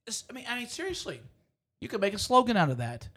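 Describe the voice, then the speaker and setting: A man's voice: extremely high pitch, huge pitch swings, fast, pushed and bright, slight background noise. A man bantering playfully in a casual comedic chat, riffing on a running joke.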